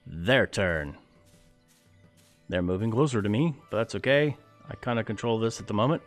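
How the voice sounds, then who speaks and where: Low-voiced man reading game text aloud. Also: normal speed, faint music behind. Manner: easygoing, thinks aloud with fillers, jokey asides. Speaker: let's play gamer.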